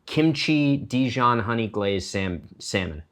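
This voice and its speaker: A man's voice: medium pitch, animated, slow. A middle-aged man hosting a casual cooking demonstration, chatty and explaining each step with joking tangents. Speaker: chef and cooking show host.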